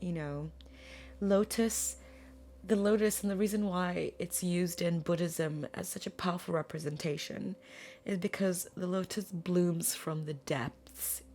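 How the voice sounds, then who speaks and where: A woman giving a spoken tarot reading to her viewers, earnest and emotional, often pausing to search for words. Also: on the low side, fairly even intonation, darkish tone, slight background noise. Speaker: tarot reader.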